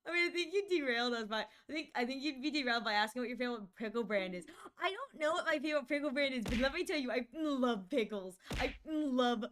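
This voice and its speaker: A woman's voice: high voice, animated, rapid-fire, hardly any pauses, fairly bright tone. A sick woman streamer chatting casually and playfully, reading her chat aloud.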